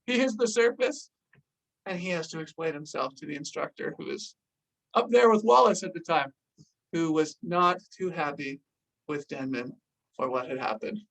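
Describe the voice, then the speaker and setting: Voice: mid-range voice, moderate pace, fairly bright tone, far from the mic, poor audio. A person casually telling a personal story, with lots of "like" and acted-out gasps. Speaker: host recounting a diving story.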